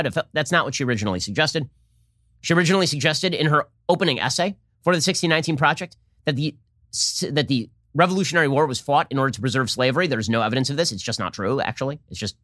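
A man in his thirties hosts a political podcast in a rapid, sarcastic monologue. His voice sits a little high and swoops around with lively emphasis, and it is recorded dry and close with no room sound. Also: no echo. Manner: sarcastic, mocks opponents in put-on voices. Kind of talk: fast opinion monologue.

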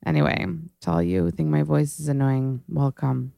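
A young woman hosting a podcast, chatting casually and excitedly, with lots of swearing and filler words. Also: very deep voice, vocal fry, no room sound, studio quality. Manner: gushing and fast, heavy swearing and "like". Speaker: podcast host. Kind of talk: casual chat.

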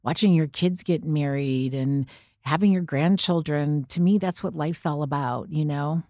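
Lower-voiced middle-aged mother, dry mic. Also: normal speed, dark tone, no echo. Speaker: guest, host's mother. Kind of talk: casual interview chat.

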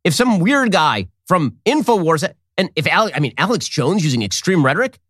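A man hosting opinionated political commentary, sarcastic and rapid-fire. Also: on the high side, sing-song, fairly bright tone, no room sound, studio quality.

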